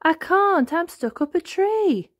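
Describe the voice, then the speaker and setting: A woman's voice: fairly high pitch, very animated, unhurried, dry recording, clean studio sound, pitched above the performer's own voice. A woman voicing a playful, mischievous young male elephant in a read-aloud storybook, calling out and pleading.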